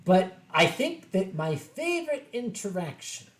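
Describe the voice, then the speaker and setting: A man's voice: high-pitched, very animated, unhurried. A man hosting a drinking stream, telling profane, rambling, self-mocking stories in casual chat. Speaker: host. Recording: echoey room.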